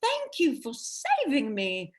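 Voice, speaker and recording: A woman's voice: sits high, wildly swooping pitch, slow pace, exaggerated voice. A woman voicing a young prince with an English accent, grateful and relieved after being healed.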